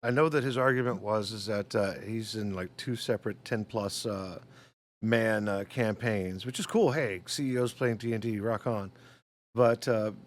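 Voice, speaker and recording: A man co-hosting a casual gaming podcast, bringing up news stories in a halting way with many restarts. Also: fairly low pitch, slight background noise. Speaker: podcast co-host reading news.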